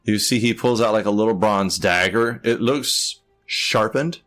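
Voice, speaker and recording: A man's voice: lowish voice, measured pace, a bit bright, faint music behind. Casual male game master narrating. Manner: casual, filler-heavy description.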